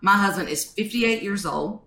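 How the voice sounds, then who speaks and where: A woman, a podcast guest telling stories in an animated way and acting out quotes. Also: mid-range voice, moderate pace, echoey room. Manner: animated storytelling, acts out quotes. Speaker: guest author. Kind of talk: podcast interview.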